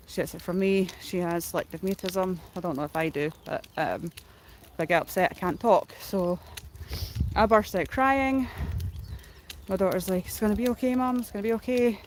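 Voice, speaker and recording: A woman's voice: lowish voice, normal speed, slight background noise. A middle-aged woman, casually retelling a story on a livestream in a rambling way full of fillers, likes and ums. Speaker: streamer.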